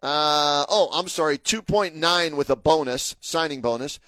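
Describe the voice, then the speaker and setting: Chatty talk-radio man, slightly high voice. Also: unhurried, sharp tone, no echo. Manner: chatty, loose, laughing asides. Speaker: sports radio co-host. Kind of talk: casual sports talk radio banter.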